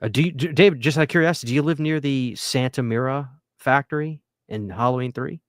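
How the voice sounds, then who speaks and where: A man's voice: medium pitch, fast talker, dry recording, studio quality. A man hosting a casual late-night livestream, reading viewer comments and rambling earnestly. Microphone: studio microphone.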